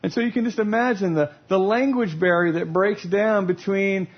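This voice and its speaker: A man's voice: sits high, moderate pace. A man giving a humorous teaching talk about love languages, playful and laughing as he acts out scenes. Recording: lo-fi recording.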